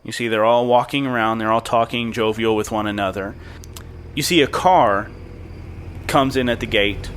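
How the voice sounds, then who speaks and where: Low-voiced easygoing game master. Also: male voice, background noise. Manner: descriptive, easygoing. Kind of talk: narrating a tabletop game.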